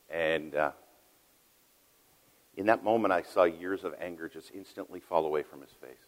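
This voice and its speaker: A middle-aged man preaching a sermon as a pastor, telling a story that swings between loud emphasis and hushed asides. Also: sits low, normal speed. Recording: long reverb of a large hall.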